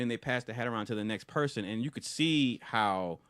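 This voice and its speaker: A man, a podcast co-host, retelling a film scene in casual review chat, animated and often restarting and repeating words. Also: medium pitch, a little fast, dry recording, studio quality.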